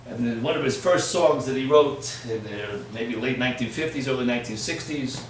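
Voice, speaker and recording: A man giving a sermon as a rabbi, telling a story, swinging from hushed asides to loud, emphatic peaks. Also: mid-range voice, a little fast, a little hiss or hum. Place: lecture hall. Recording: echoey hall, from far off.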